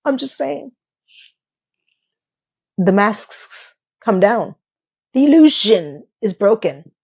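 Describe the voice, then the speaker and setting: A woman recapping an episode in a casual, animated way, retelling scenes with quoted lines. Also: medium pitch, slow pace, creaky, slightly rough, highs cut off. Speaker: recap vlogger.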